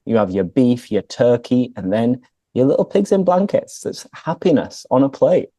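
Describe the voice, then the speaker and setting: British guy teaching english in a chat, warm low-key tone, dry no-echo sound. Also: moderate pace. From Britain. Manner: relaxed, explains for learners. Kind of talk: casual conversation, explaining words.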